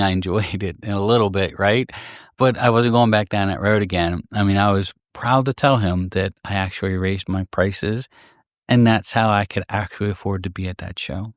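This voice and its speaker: A man's voice: lowish voice, dry recording, clean studio sound. A middle-aged man, a gunsmith hosting a podcast, telling stories in a candid, rambling way with restarts. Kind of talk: casual storytelling podcast.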